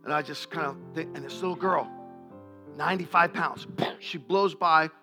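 A man in his forties, a pastor, telling stories in a sermon in an animated, self-deprecating way. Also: on the high side, moderate pace, music in the background. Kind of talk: sermon storytelling.

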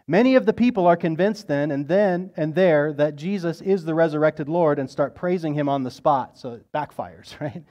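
A male pastor preaching a sermon in a conversational storytelling manner, swelling louder on dramatic moments and dropping soft at the ends of phrases. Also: normal speed, few pauses, muffled recording. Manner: storytelling, rising in intensity on quoted lines, dropping low and soft at phrase ends; conversational, with restarts and asides.

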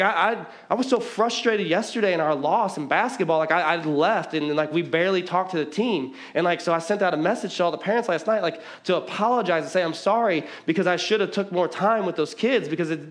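Pastor guy preaching casual, says like a lot, kinda high voice, cracks jokes. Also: a little fast. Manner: conversational, heavy use of "like", jokey asides. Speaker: pastor and youth basketball coach. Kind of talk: casual sermon.

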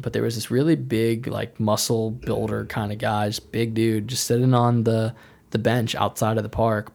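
A young man with a fairly low, slightly mellow voice shares his faith testimony casually, rambling, restarting, and filling it with "like."

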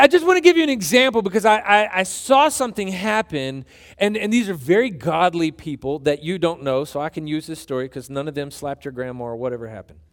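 A man preaching a sermon, telling a story with humor and building to emphatic points. His voice sits high for a man. His delivery is animated and earnest. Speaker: pastor.

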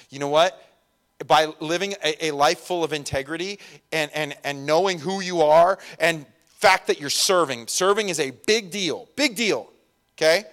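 A man's voice: on the high side, fairly bright tone. Casual conversational male pastor. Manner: casual, conversational preaching with many fillers. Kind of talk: sermon.

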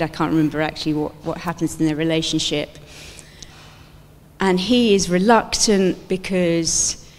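A woman giving a sermon-like talk at a church event, telling stories in an animated way and acting out scenes. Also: fairly low pitch. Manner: animated storytelling, acts out scenes. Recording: long hall reverb.

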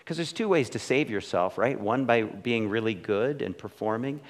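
A male pastor delivers a casual, questioning sermon, checking in with "right?" after his points. His voice climbs and dips with lively swings in pitch. Long reverb from a large hall trails each phrase. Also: moderate pace. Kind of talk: conversational sermon.

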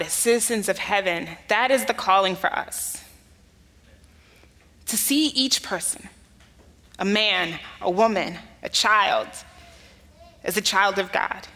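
A woman's voice: medium pitch, sharp tone. A woman pastor from the United States preaching a sermon, telling a personal story with earnest emphasis. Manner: earnest storytelling, rising emphasis on key phrases. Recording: long hall reverb.

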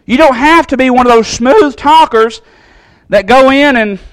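A man preaching a sermon in a Southern American accent, folksy and animated, acting out the voices he quotes. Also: very high-pitched, moderate pace, dry recording. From Southern United States.

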